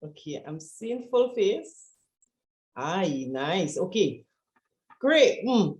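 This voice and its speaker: Brisk woman coaching over a roomy call. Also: lowish voice, sing-song, darkish tone. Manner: brisk, encouraging directions. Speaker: presentation coach. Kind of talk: online coaching session. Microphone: video call.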